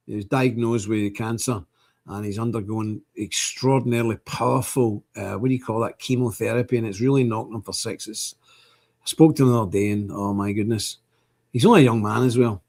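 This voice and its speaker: A man's voice: on the low side, fairly quick, a little mellow. A man in his sixties with a Northern Irish accent, hosting a livestream in a rambling monologue that keeps repeating phrases. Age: 60s. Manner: rambling and repetitive, restating phrases. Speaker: livestream host.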